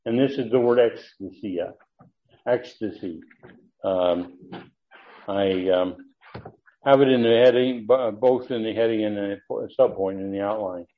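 A man with a fairly low voice leads a verse-by-verse Bible study, pausing often on fillers and restarting his sentences. The sound is thin and tinny, as over a phone line. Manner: halting, frequent fillers and restarts. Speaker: Bible teacher.

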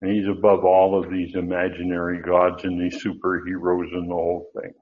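A man's voice: deep voice, monotone, brisk. Folksy older male pastor, lo-fi. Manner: folksy, digressive, with many restarts and asides. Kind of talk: expository sermon teaching.

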